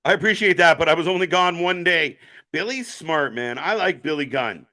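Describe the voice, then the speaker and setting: Brief: male stream host, bright tone, rambling and profane, reads chat aloud. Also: fairly high pitch, moderate pace. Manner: profane, rambling, jokey, chats with viewers. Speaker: live stream host reacting to wrestling. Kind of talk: casual live commentary reading chat.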